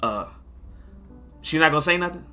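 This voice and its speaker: A man's voice: fairly high pitch, expressive, moderate pace. A young man casually commenting on a game he plays, in a playful, joking way. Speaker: gamer. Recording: loud game music behind.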